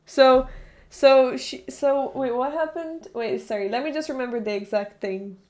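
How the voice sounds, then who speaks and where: A woman's voice: high-pitched, normal speed. A young woman streamer chatting casually with her live chat, rambling, correcting herself and laughing often.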